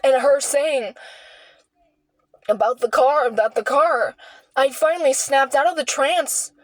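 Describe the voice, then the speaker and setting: Earnest woman with a high, unhurried voice. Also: no echo, rough recording. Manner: earnest and heartfelt, with halting restarts and sighs. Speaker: vlogger sharing a personal story. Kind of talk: candid personal monologue.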